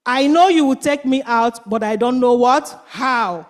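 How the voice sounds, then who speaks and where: A woman's voice: sits high, slow pace. A woman voicing a hopeful, determined male frog in a children's church story, earnest and pleading. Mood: praying.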